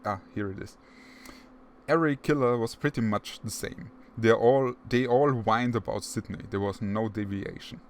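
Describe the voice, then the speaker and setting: A man's voice: on the low side, moderate pace, a little hiss or hum. A man co-hosting a casual movie podcast, playful and teasing, often breaking into laughter. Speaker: podcast co-host. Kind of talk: casual chat.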